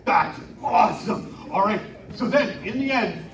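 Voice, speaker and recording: Slightly slow but animated, a high-voiced performer running an interactive kids' storytelling show coaxes the audience into shouting from an outdoor winter carnival stage. The live recording sounds distant and echoey, with crowd noise throughout.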